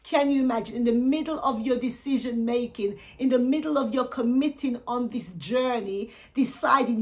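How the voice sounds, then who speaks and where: A woman's voice: a little high, moderate pace, hardly any pauses. A woman coaching her viewers in a faith-based talk, speaking straight to them with rhetorical questions and acting out the voices of people in the story. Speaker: Christian life coach.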